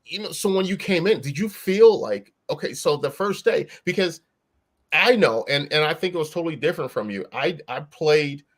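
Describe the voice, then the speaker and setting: A man's voice: a little high, animated, normal speed. A man hosting an interview podcast, asking long, rambling questions that restart and trail off in a casual tone. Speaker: podcast host.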